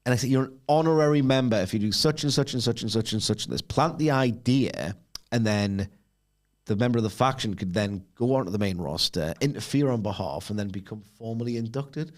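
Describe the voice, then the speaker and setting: A man's voice: fairly low pitch, brisk. A man co-hosting a podcast, musing casually and with dry humour. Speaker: podcast co-host. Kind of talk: casual chat.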